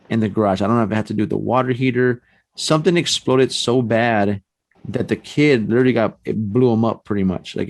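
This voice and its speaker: A man telling a personal ghost story on a podcast, animated and acting out the voices in his tale. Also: mid-range voice, vocal fry, dry recording. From San Antonio, Texas. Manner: animated storyteller, acts out quotes, frequent restarts and "man". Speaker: paranormal investigator guest.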